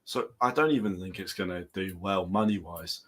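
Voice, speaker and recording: A man's voice: low voice, moderate pace, fairly bright tone. A man co-hosting a casual boxing chat show, laid-back and hedging, often trailing off. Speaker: co-host.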